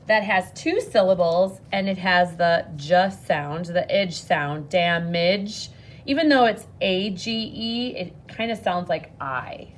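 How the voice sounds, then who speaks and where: A woman teaching a phonics lesson to children on video, patient and encouraging, speaking slowly and clearly. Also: fairly low pitch, a little hiss or hum.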